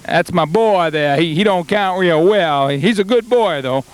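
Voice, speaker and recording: A man's voice: sits high, unhurried, smooth. A man playing a boastful rural farmer in a comedy sketch, rambling and stumbling over his words. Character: boastful rural male farmer, middle-aged, folksy.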